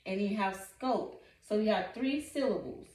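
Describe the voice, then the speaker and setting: A woman reading coach leads a phonics lesson at an unhurried pace. She breaks each word into syllables and repeats it patiently. Her voice sounds distant and echoes around the room. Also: mid-range voice, expressive, a little mellow.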